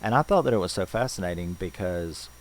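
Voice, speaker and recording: A man's voice: sits low, expressive, a little fast, poor audio. A man recapping a horror film in a loose, rambling way, full of restarts and "you know"s. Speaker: movie reviewer.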